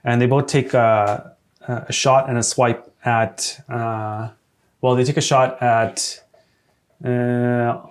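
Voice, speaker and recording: A man running a tabletop game as game master, hesitant with many fillers and quick to laugh. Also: medium pitch, little pitch movement.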